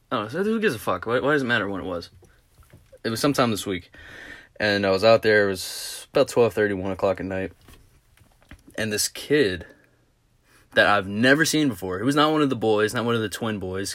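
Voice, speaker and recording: A young man hosts a solo podcast in a crude, rambling, swearing way. His voice is low and groggy as if he just woke from a nap, and it sits close and dry with no room sound at all. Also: a bit bright, no echo. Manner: crude, profane, rambling storytelling. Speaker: podcast host. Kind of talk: casual solo podcast rant.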